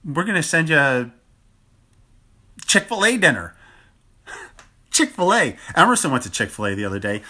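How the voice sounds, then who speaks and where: A chiropractor talking casually to viewers in a phone livestream, emphatic and full of rhetorical questions. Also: male voice, medium pitch, very animated, a little fast, sharp tone.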